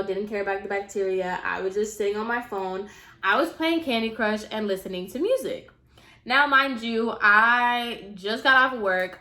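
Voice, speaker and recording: A young woman tells a personal storytime in a casual, animated way, stacking up asides and fillers. Her voice is bright and forward. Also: medium pitch. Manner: chatty, animated, fillers like "mind you". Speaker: vlogger.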